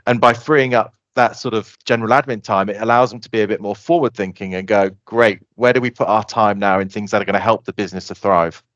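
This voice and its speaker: A man, a guest on a podcast, explaining his software eagerly and acting out customers' lines. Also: on the low side, no echo, lo-fi sound. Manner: fast, animated explaining, acts out customer quotes. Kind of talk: casual podcast interview.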